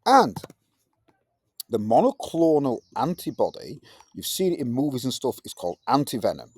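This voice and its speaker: A man teaching a science lesson in a playful way, jumping into high, silly voices to act things out. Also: very animated, normal speed, darkish tone, slightly rough, no echo. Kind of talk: classroom lesson.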